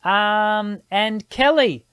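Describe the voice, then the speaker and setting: A woman's voice: mid-range voice, drawn-out words, a bit bright, smooth, dry recording. A woman hosting a live singing Q&A, thinking aloud as she explains vocal technique with technical terms. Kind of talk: live-stream Q&A, answering viewer questions.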